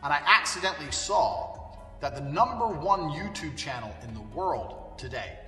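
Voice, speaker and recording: A man's voice: fairly high pitch, very animated, moderate pace, bright, forceful tone, recorded from a distance. A man delivering a blunt, profane, emphatic monologue. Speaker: speaker giving a self-help rant. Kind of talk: ranting monologue. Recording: echoey hall, voice from afar, faint music.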